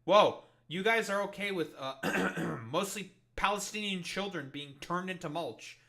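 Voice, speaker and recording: A man's voice: sits high, measured pace, gravelly, sharp tone. A male streamer doing casual commentary in profane, rambling rants full of fillers.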